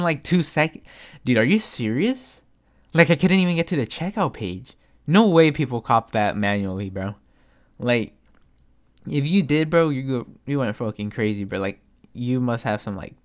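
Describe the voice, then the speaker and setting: A young man giving casual live commentary to his viewers, excitable and full of slang and swearing. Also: mid-range voice. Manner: excitable, swears a lot, keeps saying "bro". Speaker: streetwear vlogger.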